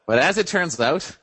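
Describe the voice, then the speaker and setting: A man's voice: fairly high pitch, breathy edge, dry recording. A young man co-hosting a podcast, telling rambling stories in casual, profane chat. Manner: rambling, animated storytelling with profanity. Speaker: podcast co-host.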